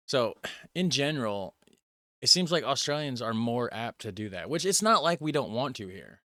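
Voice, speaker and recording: An American man hosting a reaction video, talking casually and rambling, often trailing off quietly. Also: medium pitch, very animated, moderate pace, no echo, clean studio sound. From United States. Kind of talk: casual commentary.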